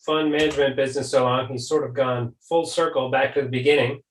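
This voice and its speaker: A male podcast host chats in a friendly way and fires off quick follow-up questions. His voice carries a roomy echo, and he sits some way back from the mic. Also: mid-range voice, a little hiss or hum. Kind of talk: casual interview talk. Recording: echoey room, distant mic.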